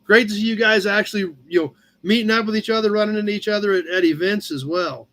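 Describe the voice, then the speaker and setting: A man's voice: high-pitched, quick pace, fairly bright tone. A man with a Midwestern American accent hosting a live car-hobby chat show, casually rambling through viewer posts with plenty of fillers and calling people by name. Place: home room with a cat nearby.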